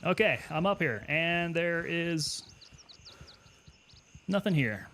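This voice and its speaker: A man's voice: on the high side, lively intonation, takes it slowly, a bit bright, slight background noise. A man streaming a military shooter game, thinking aloud in a casual chat and answering viewers' questions. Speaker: gaming streamer and Army veteran. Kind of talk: casual live gameplay commentary.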